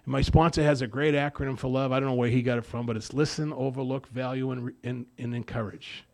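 A man speaking at a recovery meeting, telling his story in a rambling, animated way with many repeated restarts. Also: mid-range voice, fast.

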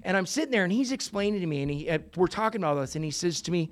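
A man in his sixties telling a story at a recovery meeting, animated and profane, swinging from hushed asides to loud outbursts. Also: sits high, racing, few pauses. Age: 60s. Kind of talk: storytelling talk.

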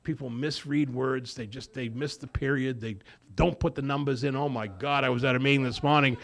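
Gravelly man sharing his recovery story. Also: medium pitch, brisk. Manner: rambling, with many repeated restarts; animated storyteller. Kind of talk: recovery meeting share.

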